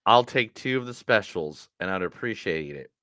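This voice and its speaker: Drawling, overdone Southern small-town characters, as a man puts them on. The tone is bright and clear, recorded close and dry with no room sound. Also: lowish voice, animated, moderate pace, no room sound, pitched below the performer's own voice. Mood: gruff. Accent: Southern US put-on. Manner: drawling, exaggerated line readings.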